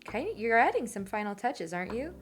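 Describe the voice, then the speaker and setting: A woman's voice: on the high side, big pitch swings, fast talker, over music. Upbeat, enthusiastic woman chatting while drawing. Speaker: co-host drawing with a partner. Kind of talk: casual chat while drawing.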